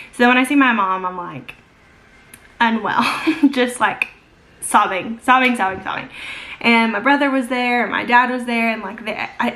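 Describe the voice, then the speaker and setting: This young woman's voice sits on the high side and has a fairly bright tone. She's a beauty vlogger doing her makeup in a relaxed get-ready-with-me chat, gushing and padding her sentences with filler and plenty of "like"s.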